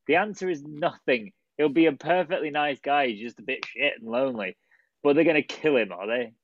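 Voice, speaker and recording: A man's voice: a little high, moderate pace. A man co-hosting a chatty podcast, mocking the others' predictions with sarcasm. His mic sounds dull and muffled. It is also very dry, with no room echo. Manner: sarcastic, teasing. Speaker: podcast co-host. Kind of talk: casual chat.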